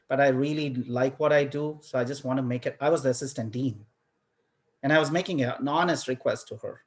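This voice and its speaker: A man teaching a university class in a casual lecture style, telling stories animatedly and acting out his own reactions, often repeating words as he starts a thought. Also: a little high. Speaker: university professor.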